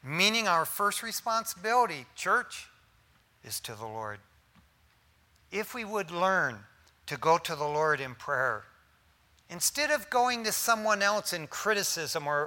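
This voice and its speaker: This man preaches as a pastor in a high voice at a measured pace, mixing folksy animation and slangy asides. His delivery drops from loud emphasis all the way to near-whispers.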